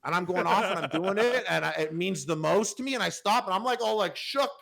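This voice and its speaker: A man's voice: sits high, a little fast, gravelly, very noisy. A man telling a long, rambling story on a podcast in casual chat, swearing freely and full of fillers. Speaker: podcast panelist.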